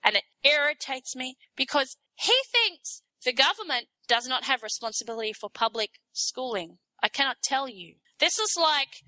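An Australian woman talks casually with a bright, ringing tone that sits a little high. She tells an animated story and slips into mock voices for the people in it. The sound is dry and close. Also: normal speed, few pauses, dry recording, poor audio. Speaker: guest explaining local politics. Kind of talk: casual chat.

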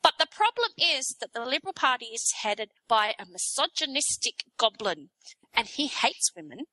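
A woman with an Australian accent chatting casually, telling an animated story and acting out people in mock voices. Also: fairly high pitch, moderate pace, no room sound, poor audio. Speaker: guest explaining local politics. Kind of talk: casual chat.

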